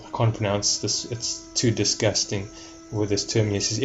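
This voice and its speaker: A man's voice: lowish voice, level tone, moderate pace, muffled recording. A man talking casually to his viewers, rambling, repeating words and restarting sentences. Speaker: vlogger.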